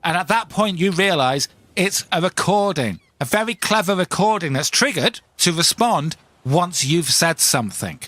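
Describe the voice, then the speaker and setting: A self-mocking man rants through a comic podcast monologue on a close mic. His pitch swings all over the place, the sound is dry and intimate, and the delivery stays wry throughout. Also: normal speed, no echo. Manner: ranting, self-mocking, lively. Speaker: podcast host. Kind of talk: comedic monologue.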